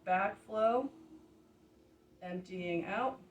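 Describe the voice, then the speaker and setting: A woman who practises energy healing, gently talking viewers through each exercise step by step as she demonstrates it. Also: medium pitch, extremely slow, a little hiss or hum. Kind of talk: guided exercise instruction. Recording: echoey room, mic at a distance.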